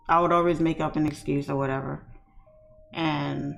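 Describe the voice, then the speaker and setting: A woman's voice: low-pitched, steady tone, moderate pace, vocal fry, soft background music. A woman streamer in casual, heartfelt chat, talking candidly and rambling with lots of "you know" fillers. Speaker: trading streamer.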